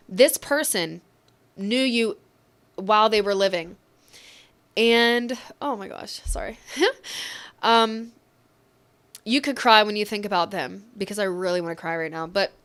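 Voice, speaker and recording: A woman giving an emotional, reassuring tarot reading, speaking gently and getting choked up at times. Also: a little high, clear, resonant tone. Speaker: tarot reader.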